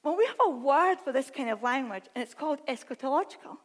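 Animated woman preaching in a reverberant hall. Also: sits high, quick pace. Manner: animated, self-deprecating, reads scripture aloud. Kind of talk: sermon.

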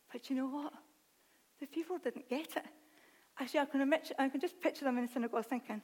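A woman preacher with a high voice delivers a lively sermon, moving between scripture reading and chatty asides where she laughs at herself. Her voice rings out with a long reverberant tail from the hall. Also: fast, husky.

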